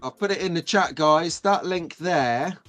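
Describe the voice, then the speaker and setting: A chatty, excitable British man in middle age hosts a casual live stream, greeting viewers one by one. His voice sits fairly high for a man. Faint music plays underneath. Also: measured pace.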